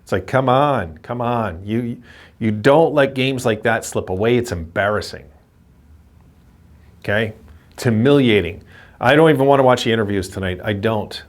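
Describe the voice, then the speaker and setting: A man giving a frustrated postgame rant as a hockey fan commentator, repeating himself and cursing at his team. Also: medium pitch. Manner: frustrated, ranting, repetitive.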